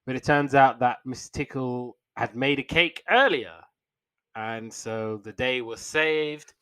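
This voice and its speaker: Young guy podcast host, slow rambling cartoon recap, dry close sound. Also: medium pitch, sharp tone, smooth, dry recording. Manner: rambling, with fillers and restarts. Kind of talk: casual retelling of episodes.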